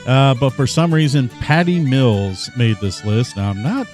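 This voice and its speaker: A man's voice: mid-range voice, expressive, measured pace, darkish tone, soft background music. A man co-hosting a sports podcast, joking and rambling with lots of fillers. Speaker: podcast co-host. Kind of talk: casual sports podcast chat.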